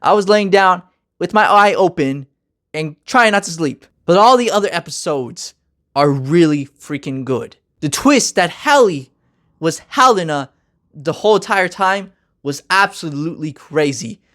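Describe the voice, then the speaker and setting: A young man casually reviewing a TV finale with energetic, slangy, joking talk. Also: high voice, measured pace. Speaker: TV review host.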